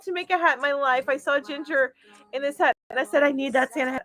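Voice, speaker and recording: A woman hosts a relaxed live stream from home, reading out viewer comments and answering them. Her voice sits a little high, and she gushes and chats with plenty of ums along the way. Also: quick pace, soft background music. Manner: gushing and chatty, coos over her pet, many fillers. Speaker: host of a weekly crochet live chat.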